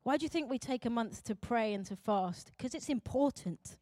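A young woman pastor preaches a sermon in a high, bright voice. Her delivery is emphatic, rising to loud urgent calls and dropping to quiet intensity. The sound is dry and close. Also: lively intonation, moderate pace, no room sound.

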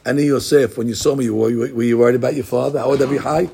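A man teaching a Talmud class in an animated, repetitive way, dropping Hebrew and Aramaic terms into his speech. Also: mid-range voice, fast talker, gravelly, few pauses, breathy edge. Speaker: Torah teacher.

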